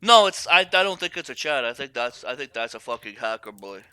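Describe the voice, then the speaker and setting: A man streaming a shooter game, talking to his chat with profane, excitable outbursts and rambling explanations. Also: medium pitch, a little fast, smooth, no room sound. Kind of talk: live gaming stream commentary to chat.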